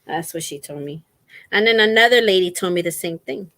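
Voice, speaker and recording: Slow, chatty woman livestream host. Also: medium pitch, a bit bright, no echo. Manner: rambling, faith-filled, chatty with viewers. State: in pain, resting a sore foot. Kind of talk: casual livestream chat.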